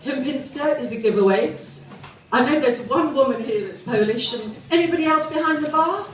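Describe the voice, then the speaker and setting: A woman's voice: high-pitched, moderate pace, reverberant, far from the mic, background noise. A posh-sounding woman from England performing a self-mocking stand-up comedy set, telling stories built around punchlines. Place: live comedy venue with audience.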